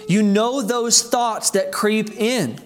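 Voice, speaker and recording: A man preaching a sermon as pastor, earnestly calling his listeners brethren, his voice climbing high and loud for emphasis, then dropping low and quiet. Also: slow. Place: church sanctuary.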